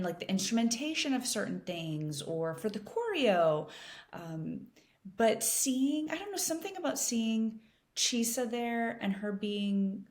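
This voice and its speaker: A woman's voice: mid-range voice, darkish tone. Chatty lady reacting to videos, laughs a lot, voice swoops around, room with echo. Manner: bubbly, chatty, laughs often, gets emotional. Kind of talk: casual reaction commentary. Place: echoey room.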